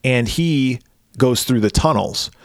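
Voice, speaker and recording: A man's voice: medium pitch, slow pace, dry recording, studio quality. A man in his thirties co-hosting a podcast, recapping a movie in crude, casual banter, swearing, laughing and rambling. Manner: profane, laughing, rambling storyteller. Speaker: podcast co-host.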